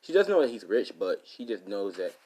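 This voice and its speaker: A man's voice: lowish voice, very animated, brisk, darkish tone, breathy edge. A man improvising a fan story narration, rambling with many fillers and asides.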